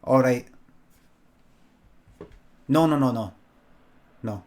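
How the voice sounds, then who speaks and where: A man's voice: medium pitch, very slow. A man doing an offhand, dismissive Scottish army recruiter.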